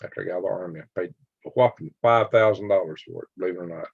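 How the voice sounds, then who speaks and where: He's a very fast talker with a low, gravelly, slightly rough voice, an Alabama man hosting a casual stream and rambling through stories with chuckles and sound effects. No room sound comes through the dry, dull, lo-fi home recording.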